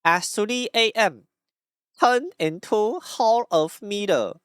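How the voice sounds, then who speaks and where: A man putting on a heavily Taiwanese-accented speaker who reads musings high and slowly with lively swoops. The sound is close and dry. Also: clean tone, no echo, heavily acted. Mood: mock solemn. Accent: Taiwanese Mandarin, put on. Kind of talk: mock-accented reading of musings.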